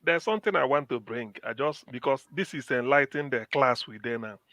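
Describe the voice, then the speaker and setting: A man's voice: mid-range voice, brisk, a bit bright, dry recording. A man with a Nigerian accent on a live-stream panel, repeating words to get the floor. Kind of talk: heated live-stream debate.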